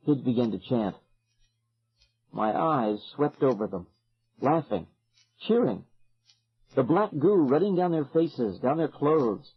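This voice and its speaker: A man narrates a horror audiobook in the first person, with a husky, breathy voice and a lively, swinging delivery. The audio is dull and lo-fi, like an older recording. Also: mid-range voice, takes it slowly, long pauses. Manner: dramatic, expressive.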